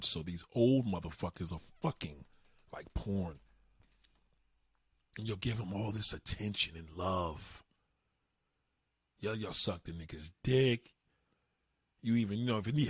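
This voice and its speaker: A man hosting a livestream, ranting in a profane, animated way. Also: on the low side, slightly rough, no room sound, clean studio sound. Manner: profane, animated, swinging delivery. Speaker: livestream host. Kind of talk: ranting comedic commentary.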